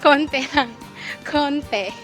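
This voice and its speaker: A Filipino woman vlogs while out of breath on a mountain trail, chatting casually in a mix of English and Tagalog as she hikes. Her high-pitched voice is slow and a bit bright, with soft music playing in the background.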